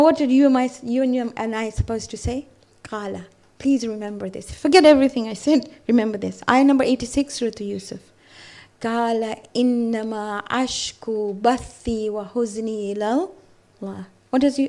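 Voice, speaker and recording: High-voiced woman giving an animated religious talk. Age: middle-aged. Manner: animated, addresses the audience directly with questions; recites scripture rapidly in Arabic. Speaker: female religious speaker at a ladies' gathering. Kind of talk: religious lecture with storytelling.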